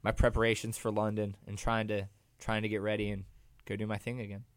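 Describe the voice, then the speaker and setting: A man talking as a guest on a radio show, telling animated, funny stories and laughing easily. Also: lowish voice, fast, smooth, no echo. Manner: animated storyteller, laughs a lot. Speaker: guest, jiu-jitsu competitor. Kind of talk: casual podcast interview.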